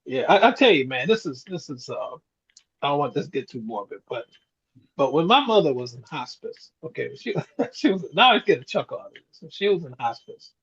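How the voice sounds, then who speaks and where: A man's voice: a little high, very animated, brisk, fairly bright tone, husky. A man in his sixties, a podcast co-host, telling reflective stories in casual chat. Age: 60s. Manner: storytelling, reflective, chuckles often. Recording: dull lo-fi sound.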